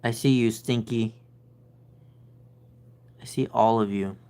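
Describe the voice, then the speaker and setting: A woman streaming casually from home, cooing and calling out excitedly to her cat. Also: extremely low pitch, slow pace. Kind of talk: casual live-stream chat.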